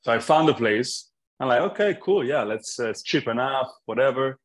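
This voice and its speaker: A man from Italy, a podcast guest telling stories in a relaxed, jokey way with frequent restarts. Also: mid-range voice, moderate pace. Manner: storytelling, jokey, many restarts. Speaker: app founder, podcast guest. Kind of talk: casual chat.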